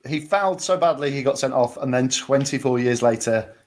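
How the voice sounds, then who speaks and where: A male comedian co-hosts a chatty podcast with a mid-range voice. He throws in quick jokes and comic asides and riffs on whatever his partner brings up. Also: mid-range voice. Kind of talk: casual podcast chat.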